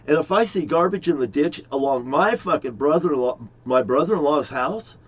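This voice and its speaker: A man's voice: on the high side, lively intonation, moderate pace. A middle-aged man talking in a rambling, aggrieved monologue to his viewers, swearing often. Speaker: vlogger. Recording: dull lo-fi recording.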